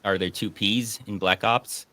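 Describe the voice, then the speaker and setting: A man's voice: on the low side, steady tone, unhurried, pushed and bright. A man hosting a casual online chat, joking and sarcastic. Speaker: podcast host.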